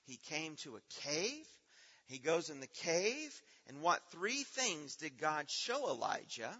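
Very animated and taking it slowly, a man with a fairly high, sharp voice and a breathy edge quizzes children in a church hall Bible program, praising their answers. The recording sounds dull and lo-fi in a reverberant space.

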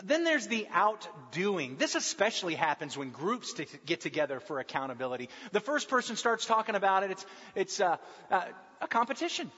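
Man, high voice, pastor, casual humorous sermon, dull lo-fi sound. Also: breathy edge. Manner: conversational, humorous preaching with lively mimicry. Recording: dull sound with long hall reverb.

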